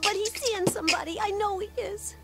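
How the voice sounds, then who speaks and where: A woman's voice: very high-pitched, a little fast, over loud music. An actress voicing an upset young woman in a video game, pleading and distressed. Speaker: game character.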